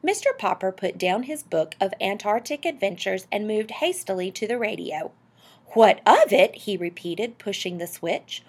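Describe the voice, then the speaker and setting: Husky woman reading a storybook. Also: mid-range voice, normal speed, hardly any pauses. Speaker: audiobook narrator. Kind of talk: storybook narration.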